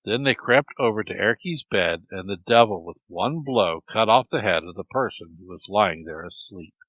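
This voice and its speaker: A man telling a folk tale in a lively, expressive storytelling manner. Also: fairly low pitch, normal speed, no echo, rough recording. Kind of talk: storytelling narration.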